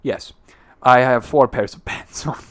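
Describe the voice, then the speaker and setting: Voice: medium pitch, unhurried, a little hiss or hum. An improv actor in a comedy scene, playful and prone to dramatic overreactions. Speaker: podcast co-host, actor. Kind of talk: improvised comedy role-play.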